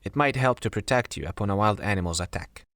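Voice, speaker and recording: A man voicing a strict but caring middle-aged mother, in his own deep voice. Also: animated, fast talker, fairly bright tone, no echo, clean studio sound. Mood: stern. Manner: firm, strict.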